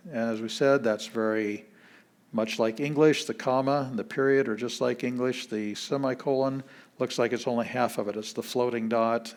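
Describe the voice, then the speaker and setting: A man, a pastor, teaching a beginner language class in a patient, plain-spoken way, walking through each step. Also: mid-range voice. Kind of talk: classroom lesson.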